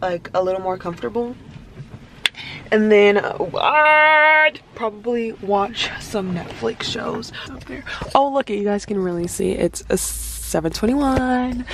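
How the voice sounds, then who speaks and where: Sitting in a parked car, a young woman in her early twenties talks to her viewers through her phone camera in a rambling, filler-heavy vlog chat. Her pitch is medium, and background noise is present.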